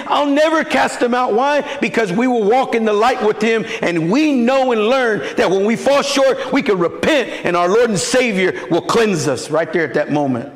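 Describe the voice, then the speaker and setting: High-voiced pastor in echoey hall. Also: male voice, moderate pace, hardly any pauses. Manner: animated, conversational preaching. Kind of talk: sermon. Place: church sanctuary. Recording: echoey hall with long reverb.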